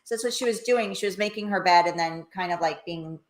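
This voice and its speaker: A woman guest in an online interview, chatting in a warm, gushing way. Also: lowish voice, brisk. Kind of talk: virtual interview chat. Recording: echoey room.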